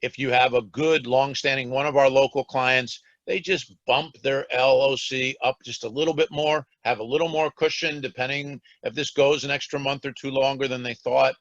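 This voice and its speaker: A man's voice: medium pitch, steady tone, normal speed, few pauses, fairly bright tone, dry recording, dull audio. A man on a banking panel, speaking cautiously and qualifying his points with many fillers, heard over a remote-call connection. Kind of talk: panel discussion on a video call.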